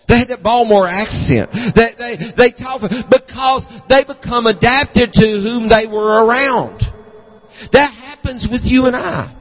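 A man's voice: very high voice, unhurried, dull audio. A man preaching a sermon, fervent and full of restarts and repeated words. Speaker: pastor. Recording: long reverb of a large hall.

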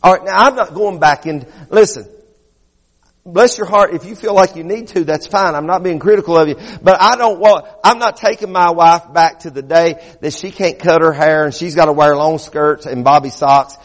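A middle-aged man, a pastor, preaching a sermon with slow, emphatic stresses and repeated phrases. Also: on the high side. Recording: long hall reverb.

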